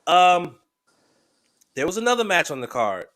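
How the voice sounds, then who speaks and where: A man hosting a podcast, pitched a touch higher than most men. He chats casually and swears freely, jumping from dry asides to excited outbursts. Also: normal speed. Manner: profane, excitable and joking. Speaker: podcast host. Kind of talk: casual chat.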